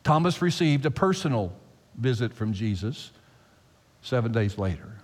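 A man preaching a sermon as pastor, emphatic and animated, repeating phrases for effect. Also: mid-range voice, moderate pace. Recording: long hall reverb.

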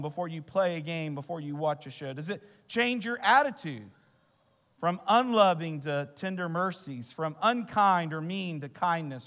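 Pastor, male, higher register, earnest sermon delivery, big church reverb. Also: a bit bright. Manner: earnest, rhetorical questions, repeats words. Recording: long reverb of a church hall.

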